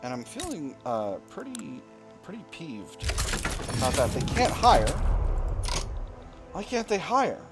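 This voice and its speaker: A man's voice: fairly high pitch, huge pitch swings, takes it slowly, pauses often, over music. A man commenting on a strategy game he is playing, thinking aloud with dry, wry asides. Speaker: gaming video host.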